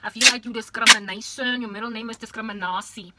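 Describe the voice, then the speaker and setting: South african girl ranting at the camera, high voice, talks super quick, over the top and repeats herself. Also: fairly even intonation, heavy background noise. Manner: exaggerated, repetitive, mixes in Afrikaans. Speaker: vlogger.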